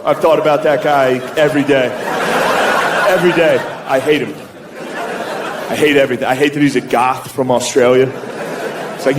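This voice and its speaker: Profane, self-mocking stand-up comedian man. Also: medium pitch. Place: comedy club stage. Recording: echoey venue, loud crowd and noise. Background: audience laughter.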